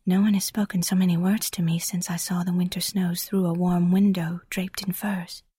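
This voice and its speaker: A woman's voice: fairly low pitch, little pitch movement, normal speed, breathy edge, no room sound, studio quality. A woman whispering as a secretive garden girl. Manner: hushed, unvoiced whisper. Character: mysterious young girl storyteller, pale and still. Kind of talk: whispered role-play.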